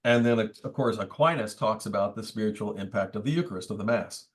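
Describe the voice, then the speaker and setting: A man's voice: fairly low pitch, a little fast. A man, a priest, teaching a book study group in a conversational, thoughtful way with wry asides. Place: church meeting room.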